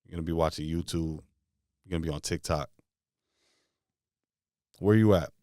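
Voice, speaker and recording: A man's voice: very deep voice, a little mellow, no echo, studio quality. A man guiding a visualization exercise, firing off casual questions one after another. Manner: string of rapid questions, casual phrasing. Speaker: motivational speaker. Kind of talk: guided visualization talk.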